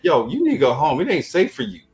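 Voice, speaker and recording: A woman's voice: sits low, huge pitch swings, fast, vocal fry, darkish tone, pitched above the performer's own voice, heavily acted. A man voicing a brash young woman on a street corner, scolding bluntly in a streetwise way.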